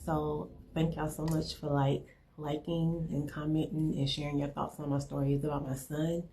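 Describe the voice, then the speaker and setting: Recorded on a phone with slight background noise and low quality, a woman in her thirties tells her own paranormal story in a storytime vlog. Her low-pitched voice keeps a moderate pace, and her retelling is emotional and animated, heavy on "like."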